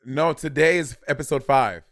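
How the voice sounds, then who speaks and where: A man's voice: mid-range voice, moderate pace, a bit bright, no room sound, studio quality. A man with a New York accent co-hosting a podcast, brash and profane, teasing in street slang. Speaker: podcast co-host. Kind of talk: casual podcast banter.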